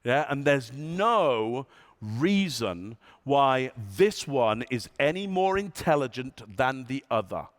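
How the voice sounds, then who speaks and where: A man's voice: mid-range voice, expressive, slow pace. A man giving a conference keynote to a live audience, demonstrating and repeating phrases for effect. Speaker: keynote speaker.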